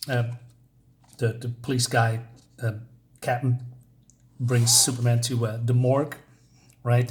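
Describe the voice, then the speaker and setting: A man's voice: medium pitch, a little hiss or hum. A man casually recapping a comic book in a loose, chatty way. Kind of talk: casual recap and read-aloud.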